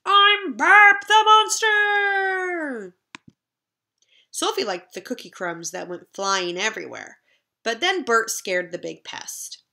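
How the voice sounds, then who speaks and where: Woman acting out a boy playing monster, storybook, loud, slow, drawn-out roars, high pitch. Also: sing-song, heavily acted. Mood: roaring. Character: growling boy neighbor who plays monster.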